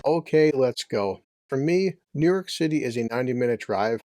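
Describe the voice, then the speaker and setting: A man's voice: mid-range voice, lively intonation, moderate pace, a little mellow, no echo, clean studio sound. Brash joking man reviewing a movie. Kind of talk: casual comedic review.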